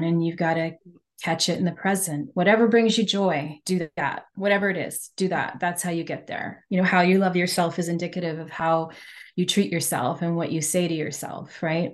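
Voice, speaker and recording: A woman who works as a Huna healing practitioner, speaking as a guest in a podcast interview in a reflective way, repeating phrases and often laughing. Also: lowish voice.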